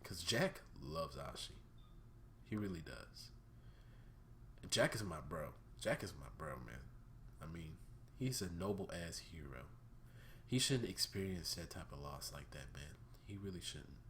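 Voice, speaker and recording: A young man hosting his own vlog, giving a casual, profane review of a cartoon episode, swinging between loud outbursts and subdued talk. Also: sits low, lively intonation, measured pace, long pauses, slight background noise.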